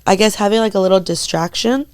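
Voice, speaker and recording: A young woman co-hosting a podcast, telling a long story in a casual, animated way, swearing freely and acting out what other people said. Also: medium pitch, quick pace, smooth. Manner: animated, swears freely, acts out quoted voices. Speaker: podcast co-host.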